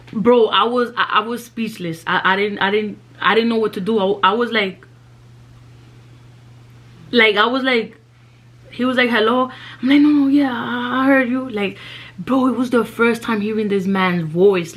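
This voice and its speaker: A woman's voice: medium pitch, a bit bright. A young woman, telling a personal story in a casual, slangy vlog and dropping in Spanish phrases.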